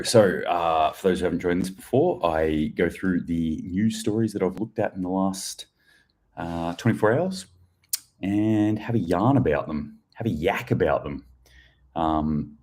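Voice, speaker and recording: A man's voice: low-pitched, darkish tone. An Australian man giving casual news commentary, rambling and chatty, with crude jokes and plenty of fillers.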